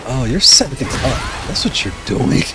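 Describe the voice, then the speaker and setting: A man's voice: medium pitch, sing-song, normal speed, over music. A tired man streaming a fighting game and chatting as he reacts aloud to each round. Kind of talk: live gameplay commentary.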